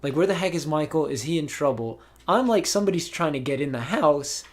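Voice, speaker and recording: A man's voice: a little high, expressive, fairly quick. Young male podcast host, laid-back storyteller, lots of ums and restarts. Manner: rambling, with many fillers and restarts. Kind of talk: casual storytelling chat. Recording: voice call.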